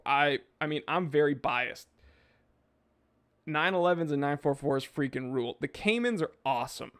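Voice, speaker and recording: A man's voice: fairly high pitch, moderate pace. A man hosting a podcast, reading chat and rambling casually in laid-back slang.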